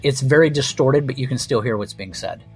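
A man's voice: mid-range voice, fairly quick, soft background music. A man hosting a podcast, telling a comic story in a wry, sardonic and profane way. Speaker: podcast host. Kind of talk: comedic storytelling monologue.

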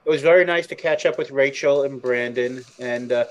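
A man with a mid-range voice, co-hosting a podcast. He delivers his jokes flatly and sarcastically, with some hesitation. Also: mid-range voice, a little fast, lo-fi sound. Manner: dry, sarcastic. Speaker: podcast co-host. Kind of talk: casual chat.

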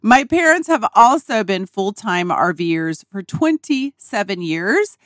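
Lively, slow-talking woman telling a story. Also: medium pitch, no room sound, studio quality. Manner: animated, laughing, casual swearing. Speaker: podcast host. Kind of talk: casual storytelling monologue. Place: small RV dinette.

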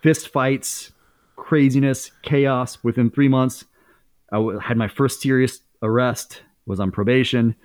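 A man's voice: medium pitch, steady tone, unhurried, a little mellow, dry recording. A man in his thirties as a podcast guest, candidly telling a story in casual speech, swearing freely with many fillers and restarts.

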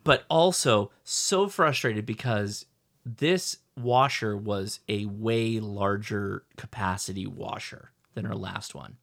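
A middle-aged man co-hosting a podcast, telling a rambling, animated story with lots of restarts. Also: lowish voice, takes it slowly, vocal fry. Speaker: podcast co-host. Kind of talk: casual chat.

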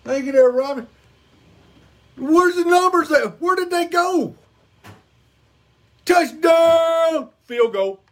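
A man's voice: very high voice, unhurried, pauses often, a bit bright. A man hosting a call-in show, arguing hotly with a caller, repeating himself and cussing. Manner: exasperated, repeats himself, cusses. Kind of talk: heated call-in argument.

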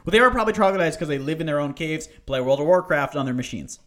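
A man's voice: a little high, animated, quick pace, a bit bright. A young man co-hosting a casual podcast, loose and joking, swearing freely. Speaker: podcast co-host.

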